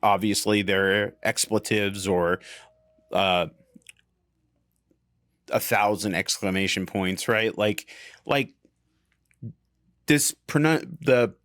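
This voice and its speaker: A man's voice: lowish voice, takes it slowly, pauses often, fairly bright tone, no echo, studio quality. A man co-hosting a podcast, telling a story in casual chat, full of fillers and swearing, and acting out the lines he quotes. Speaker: podcast co-host.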